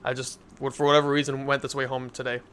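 A man's voice: medium pitch, level tone, quick pace, fairly bright tone, slight background noise. A young man in casual Christian podcast talk, earnest and telling stories to make his point. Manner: earnest, storytelling with acted quotes.

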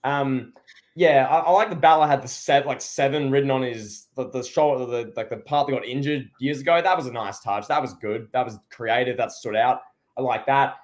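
A man's voice: mid-range voice, normal speed. A man co-hosting a casual wrestling review podcast, talking in a rambling, sarcastic way and often restarting his sentences. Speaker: podcast co-host.

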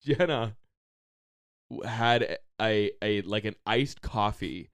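A man co-hosting a podcast, talking loosely and filling his thoughts with ums and likes. His voice sits low and comes across smooth and clear, close and dry on the mic. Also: slow, no room sound. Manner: rambling, filler-heavy, relaxed. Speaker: podcast co-host. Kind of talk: casual podcast chat. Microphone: studio microphone.

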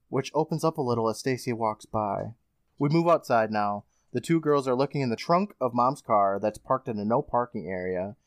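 A man's voice: mid-range voice, no echo, studio quality. A man hosting a podcast, casually recapping a TV episode with plenty of laughs and swearing.

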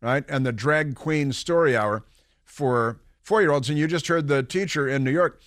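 A man's voice: a little high, normal speed, a bit bright, no echo, clean studio sound. A man hosting a political talk radio show, rambling and sarcastic, with mocking asides.

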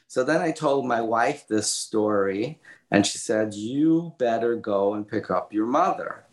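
An older man, an author and illustrator, telling a family story in an interview, halting with many fillers and restarts and acting out quoted lines. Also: medium pitch, expressive, roomy sound. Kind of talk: conversational storytelling.

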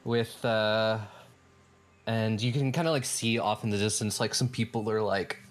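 A man's voice: fairly low pitch, steady tone, normal speed. A man narrating a tabletop game as game master, hesitant, with many fillers and restarts.

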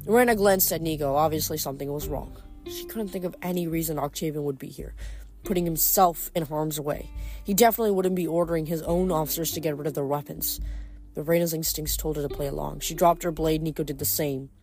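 A woman reading a novel aloud and adding rambling, expressive commentary between chapters. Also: low-pitched, fairly quick, faint music behind. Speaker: audiobook reader.

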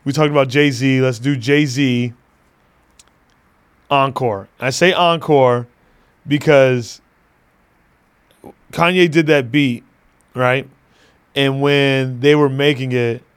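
A man's voice: mid-range voice, clean tone. A man hosting a podcast in loose, joking chat, laughing often and swearing freely. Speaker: podcast host.

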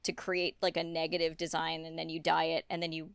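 A woman's voice: sits low, monotone, brisk, gravelly, clean tone, no echo. A woman guest chatting casually in an interview, rambling with many fillers and tangents. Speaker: guest artist.

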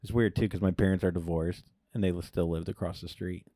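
A man's voice: deep voice, fairly even intonation, a little fast, mellow, no echo, clean studio sound. A young man co-hosting a comedy podcast, telling a rambling story in casual chat, laughing often and acting out his own lines. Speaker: podcast co-host.

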